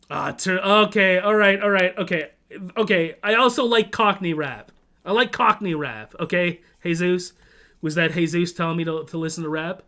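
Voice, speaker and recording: With a high-pitched, sharp voice at a moderate pace, a Toronto livestream host rambles casually, cursing freely and cutting himself off to start over.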